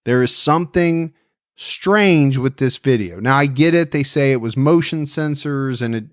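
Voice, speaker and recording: A man's voice: medium pitch, moderate pace, dry recording, studio quality. A man hosting a true crime podcast, chatting in a conversational, emphatic way. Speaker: podcast host. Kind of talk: casual chat.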